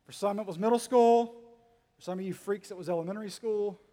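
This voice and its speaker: Male pastor, high voice, dynamic sermon delivery with humor, hall reverb. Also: brisk. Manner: dynamic, swinging between quiet asides and loud emphatic lines; humorous, teasing the congregation. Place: church hall.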